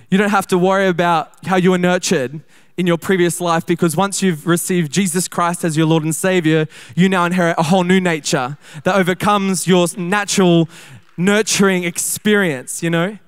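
Bright-voiced young preacher. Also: male voice, high voice, fairly even intonation, clean tone. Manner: conversational, quick bursts, slows to read scripture. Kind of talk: sermon. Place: church service.

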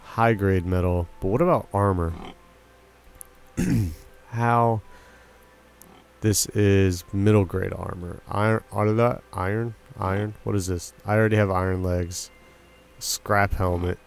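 A young let's play commentator speaks slowly in a low-pitched, smooth voice with vocal fry and long pauses. Chatting casually with game characters, he breaks into yelps and goofy sound effects.

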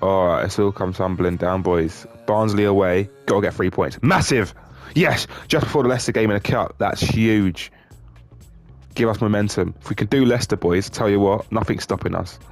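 A man's voice: fairly low pitch, moderate pace, soft background music. Sweary gamer man. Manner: sweary, swings from glum mutters to shouting. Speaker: gaming YouTuber. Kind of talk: live game commentary.

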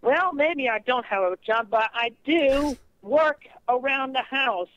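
A man's voice: very high-pitched, lively intonation, measured pace, a bit bright, dry recording. A man speaking stiffly and formally on a phone call, stammering and repeating words. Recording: muffled lo-fi call recording.

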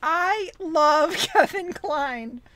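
A woman's voice: very high-pitched, animated, drawn-out words, bright, forceful tone, dry recording. A woman co-hosting a casual film chat who laughs often. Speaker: podcast co-host.

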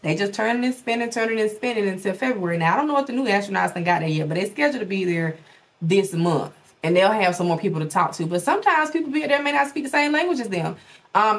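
A woman's voice: medium pitch, a bit bright. A woman hosting a podcast in casual commentary, sassy and dramatic, rambling with rhetorical questions. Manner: dramatic, exaggerated storytelling. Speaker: podcast host.

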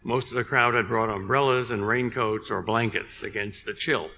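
An older man giving a public lecture, telling a story in a measured way with dry humor. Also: lowish voice, steady tone, bright, forceful tone, slight background noise. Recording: long reverb in a large hall.

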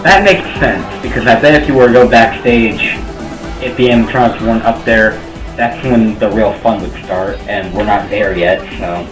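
A man's voice: on the low side, normal speed, roomy sound, music in the background, low-quality recording. A man with a sore throat giving rambling, self-mocking casual commentary while playing a game. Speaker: gamer.

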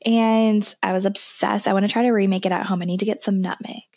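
A woman's voice: medium pitch, steady tone, fast talker, a little mellow. A young woman co-hosting a podcast in casual chat, giggling often as she tells the story. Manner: giggly, laughs often while telling the story. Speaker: podcast co-host.

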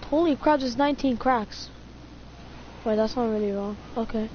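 A woman's voice: on the high side, steady tone, moderate pace, a little hiss or hum. A woman giving casual, rambling commentary on her gameplay, joking around, swearing, and breaking into nonsense humming. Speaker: gamer streaming a shooter. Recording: dull lo-fi mic with faint game music.

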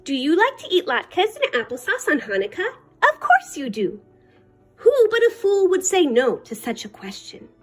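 A woman librarian reading a children's picture book aloud in an expressive, sing-song way. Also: very high voice, normal speed, faint music behind. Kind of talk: storybook read-aloud.

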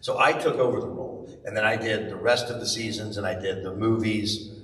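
A middle-aged man, a voice actor at a convention Q&A, telling animated stories and jumping into high voices for the people he quotes. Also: a little fast. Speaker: convention panel guest, voice actor. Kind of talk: live convention Q&A storytelling. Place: large convention hall. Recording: echoey hall, far from mic, faint hiss.

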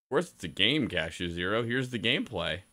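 Man, game streamer, very deep voice, bright edge, profane, jokey. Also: very animated, brisk. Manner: joking, profane, laughs often. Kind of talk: casual game commentary.

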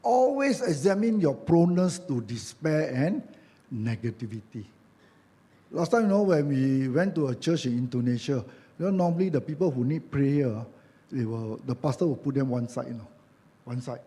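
Preaching as a church elder, a man with a Malaysian English accent speaks at normal speed in a medium-pitched, dark-toned voice with lively intonation. He jokes, chats, voices the people he quotes, and adds tag questions.

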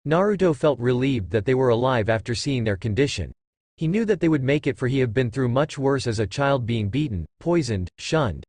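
Narrator: man, steady fan-fiction read, middle pitch, dry close mic. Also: no echo. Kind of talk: reading fan fiction aloud.

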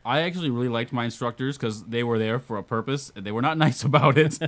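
A man's voice: medium pitch, fast talker, fairly bright tone. A man from small-town Wisconsin, swearing and laughing through casual stories about military training. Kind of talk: casual podcast chat.

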